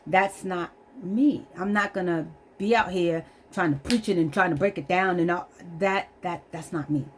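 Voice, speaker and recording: Vlogger, woman, middle-aged, low voice, earnest and emotional, near tears, faint background noise. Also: normal speed. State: holding back tears. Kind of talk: candid personal testimony to camera.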